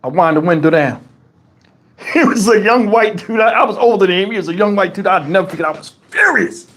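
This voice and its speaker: A man with a fairly high voice tells a story live to his viewers. He is loose and profane, and he jumps into the voices of the people he quotes. It sounds like a close clip-on mic. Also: quick pace. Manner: animated, profane, acts out quoted dialogue. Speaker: livestream host. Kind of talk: casual storytelling to a live chat. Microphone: wireless lavalier.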